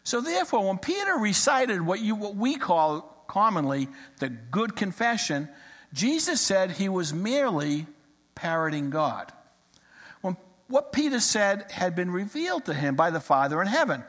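A man preaching a sermon, telling a folksy story in an animated, storytelling manner. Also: high-pitched, moderate pace, big-room sound.

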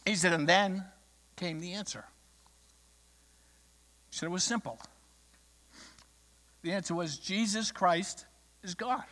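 A male pastor delivers an impassioned sermon in a high, bright voice, rising to ringing declarations and dropping to hushed lines. His words carry a long echo through a church sanctuary. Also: slow pace, long pauses.

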